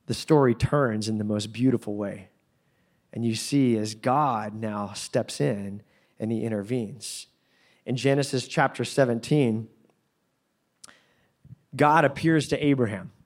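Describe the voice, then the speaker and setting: A man preaching a sermon in a conversational, animated way, with playful asides. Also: mid-range voice. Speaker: pastor.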